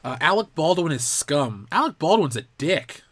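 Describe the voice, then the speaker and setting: A man's voice: fairly high pitch, big pitch swings, normal speed, a bit bright, slightly rough, dry recording. Dry-voiced man ranting on a live show. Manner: heated, profane, ranting. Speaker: host of a live pop culture show. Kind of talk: live-stream commentary rant.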